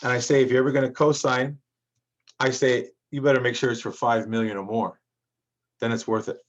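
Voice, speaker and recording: A man's voice: mid-range voice, flat delivery, a little fast, muffled recording. A man coaching on business credit in a rambling motivational monologue, full of restarts and repeats. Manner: rambling, repetitive, with many restarts.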